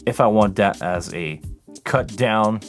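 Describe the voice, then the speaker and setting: A man's voice: fairly low pitch, slow, faint music behind. Man demoing audio gear. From Montreal, Canada. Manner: hands-on, explanatory, talks while adjusting settings. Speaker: live sound engineer hosting a Q&A stream. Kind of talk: live-stream tech demo and Q&A. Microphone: close vocal microphone running through a mixing console.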